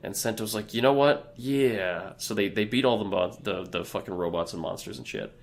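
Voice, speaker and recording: Low-voiced man recapping casually. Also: fairly quick, creaky. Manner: loose, profane retelling with laughs. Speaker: podcast co-host.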